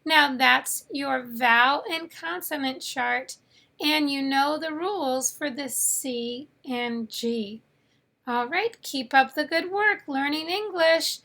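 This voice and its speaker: A woman teaching English phonics, sounding out letters slowly and prompting the learner to repeat each sound. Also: sits high, vocal fry, pushed and bright. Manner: slow, deliberate, drills sounds and asks the learner to repeat. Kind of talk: phonics lesson.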